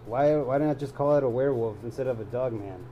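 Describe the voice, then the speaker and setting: A man co-hosting a casual podcast chat, rambling through excited, profane speculation. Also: medium pitch, fast, lo-fi sound, slight background noise. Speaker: podcast co-host.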